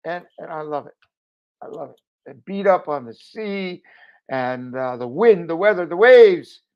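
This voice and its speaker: A middle-aged man giving an emphatic promotional pep talk to camera as a business owner, urging listeners to act, with his voice swinging between loud and hushed. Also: fairly high pitch, expressive, unhurried, smooth. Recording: dull lo-fi audio.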